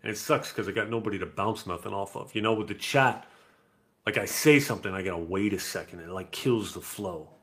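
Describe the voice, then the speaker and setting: A man's voice: on the low side, brisk, fairly bright tone. A middle-aged man hosting a live podcast, talking in a blunt, profane, casual way. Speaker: podcast host. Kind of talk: casual live-stream chat.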